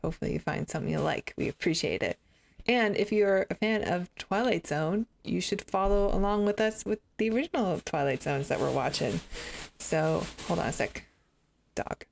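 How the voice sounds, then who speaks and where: A woman's voice: fairly low pitch, lively intonation, normal speed, vocal fry. A woman from the United States, co-hosting a casual TV review chat, hesitant and wry, with many fillers. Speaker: co-host of a TV review show.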